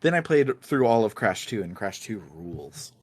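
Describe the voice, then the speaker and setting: A man talks in a relaxed, meandering way as he co-hosts a video game podcast, often laughing. His voice sits a little low, and the recording is close and dry, with no room sound. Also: normal speed, no room sound. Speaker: podcast co-host. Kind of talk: casual chat about video games.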